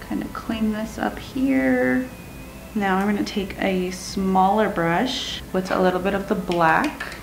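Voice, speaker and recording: A woman explaining a makeup look step by step in a calm talk-through while she works, sometimes dropping to a whisper. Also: mid-range voice, creaky, a little hiss or hum, rough recording. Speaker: makeup tutorial host.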